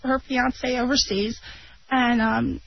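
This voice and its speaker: A woman's voice: sits high, flat delivery, slow pace, vocal fry. A woman guest on a radio talk show, telling stories about her psychic readings with quoted dialogue and frequent laughter. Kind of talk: casual radio chat. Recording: dull broadcast audio with faint noise.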